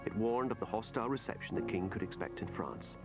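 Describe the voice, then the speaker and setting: A man reading scripted documentary narration in a measured voice. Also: fairly low pitch. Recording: narration over loud music.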